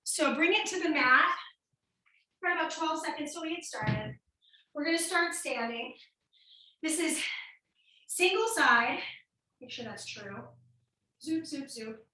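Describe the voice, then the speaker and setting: A woman's voice: high voice, moderate pace, long pauses, sharp tone. A woman fitness instructor coaching a workout class, counting reps and cueing moves while exercising, a little out of breath. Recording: echoey room, mic at a distance.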